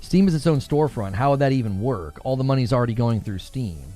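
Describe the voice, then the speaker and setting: A man's voice: mid-range voice, lively intonation, fast, warm tone, faint music behind. A man hosting a casual gaming livestream, reading chat and talking back to it, laughing often.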